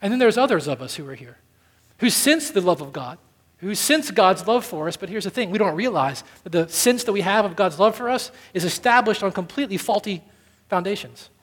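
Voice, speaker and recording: A man preaching a sermon as pastor, telling a story that swings between loud urgency and hushed softness. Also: high voice, expressive, fairly quick. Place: church sanctuary. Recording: church hall with long reverb.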